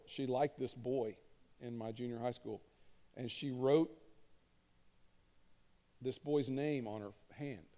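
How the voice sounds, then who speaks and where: A man's voice: mid-range voice, warm tone. A middle-aged man preaching a sermon as pastor, conversational and earnest, repeating key lines for emphasis. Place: church auditorium stage. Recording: long reverb of a large hall.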